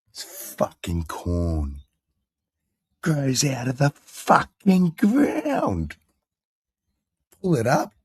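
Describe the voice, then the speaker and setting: A man putting on a crude, boastful farmer who swears, shouts and drops into hushed asides. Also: mid-range voice, breathy edge, no room sound, clean studio sound, voice pushed up, exaggerated voice. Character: crude boastful male farmer flashing cash.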